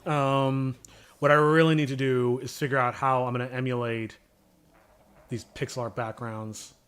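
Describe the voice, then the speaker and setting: A man's voice: medium pitch, little pitch movement, moderate pace, fairly bright tone, smooth. A man streaming his animation work live, chatting casually with viewers and thinking aloud.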